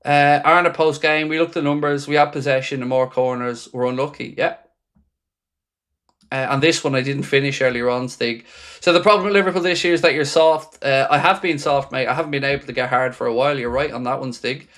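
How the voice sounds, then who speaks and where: A man's voice: medium pitch, fairly even intonation, a little fast, fairly bright tone. A man hosting a live football watchalong, reading out viewer messages and answering them with dry, sarcastic fan commentary. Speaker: watchalong host.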